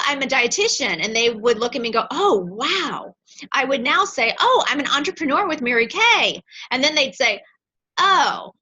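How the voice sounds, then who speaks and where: Bright, energetic middle-aged woman trainer. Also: fairly high pitch, husky. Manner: energetic, emphatic, dramatizes phone scripts. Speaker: direct-sales trainer. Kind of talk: motivational training class. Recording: dull lo-fi recording.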